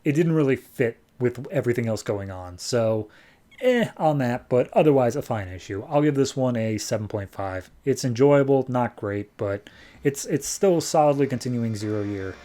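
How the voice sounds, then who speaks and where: A man hosting a comics podcast, giving a relaxed, offhand review with fillers as he talks. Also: medium pitch, moderate pace. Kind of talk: casual review chat.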